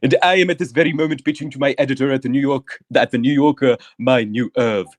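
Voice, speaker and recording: A man's voice: medium pitch, fairly even intonation, fast talker, no room sound, voice pushed up, lightly acted. A man playing a grandiose, pompous male romance author who reads out florid erotic excerpts in ornate language. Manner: grandiose, theatrical, ornate wording.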